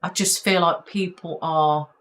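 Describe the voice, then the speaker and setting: Young Midlands woman, low voice, fast emphatic casual podcast co-host. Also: fairly even intonation, a bit bright. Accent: English Midlands. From English Midlands. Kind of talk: casual chat.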